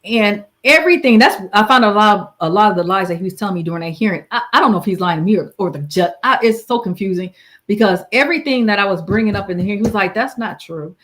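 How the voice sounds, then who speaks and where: A woman's voice: mid-range voice, lively intonation, quick pace, fairly bright tone. A woman casually telling a personal story, earnest and candid, often trailing off and restarting. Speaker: guest sharing her story.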